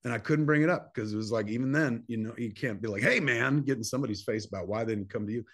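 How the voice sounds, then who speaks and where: This guest is a man in his fifties, a filmmaker from New Jersey, spinning a lengthy personal tale in a relaxed interview. He talks fast at a medium pitch, curses without hesitation, and performs the dialogue he quotes in lively spurts.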